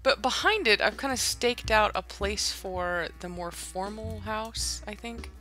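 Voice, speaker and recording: A woman's voice: mid-range voice, animated, a little slow, sharp tone, soft background music. A woman chatting casually while playing a building game, musing aloud with hesitant asides and giggles. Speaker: Minecraft let's-play host. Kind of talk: casual gameplay chat.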